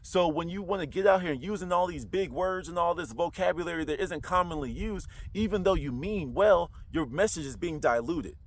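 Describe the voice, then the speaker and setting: A man's voice: high voice, a little fast, hardly any pauses. A man talking casually to camera in a slangy, roundabout way, full of rhetorical questions. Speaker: online commentator.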